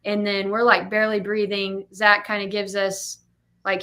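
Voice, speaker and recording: Young woman gym owner chatting, bright voice, acts out quotes as she tells stories. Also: medium pitch, fairly quick. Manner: animated storyteller, acts out quotes. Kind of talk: casual podcast chat.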